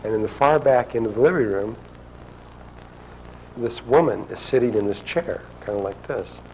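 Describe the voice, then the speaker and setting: A man's voice: mid-range voice, moderate pace, a little mellow, a little hiss or hum, low-quality recording. A man telling a long personal story to an audience, rambling and acting out quotes. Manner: rambling, restarts often, acts out quotes.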